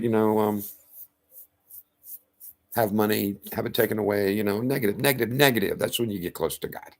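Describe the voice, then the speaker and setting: A man's voice: lowish voice, vocal fry. A man ranting to camera in a profane, confrontational, rambling way. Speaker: vlogger.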